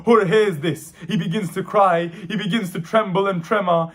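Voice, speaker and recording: A man's voice: high-pitched, steady tone, normal speed, hardly any pauses, a bit bright. A man narrating a mourning recitation in a rhythmic, repetitive way that swells with emotion. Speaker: mourning orator.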